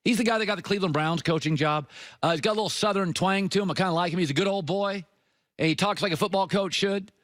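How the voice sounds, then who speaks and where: A middle-aged man hosting a sports talk show, delivering an opinionated monologue with emphatic swings between punchy high lines and low, confiding asides. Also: fast talker, a bit bright, no room sound, clean studio sound.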